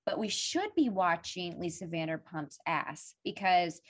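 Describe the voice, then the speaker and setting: A woman's voice: on the low side, animated, measured pace. A woman co-hosting a podcast in casual chat, thoughtful and musing. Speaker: podcast co-host and interviewer.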